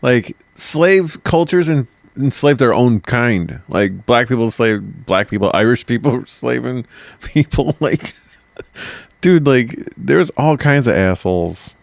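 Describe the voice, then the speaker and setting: Gravelly, joking male podcast co-host. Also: medium pitch, lively intonation, a little slow, no echo. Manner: joking, profane, laughs often, does goofy voices. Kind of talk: casual comedic podcast chat.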